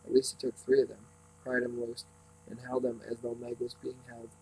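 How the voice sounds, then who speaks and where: A man reading a novel aloud at a steady pace, with small slips and restarts. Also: mid-range voice, normal speed, creaky, a little hiss or hum, poor audio. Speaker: reader.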